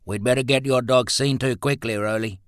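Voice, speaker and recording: A man's voice: medium pitch, fairly even intonation, a little fast, clean tone, no echo, voice pushed up, close to an everyday voice. A man voicing Harry Simpson, a large, plain-spoken stockman with a dry, teasing way of talking, in an audiobook. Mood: steady.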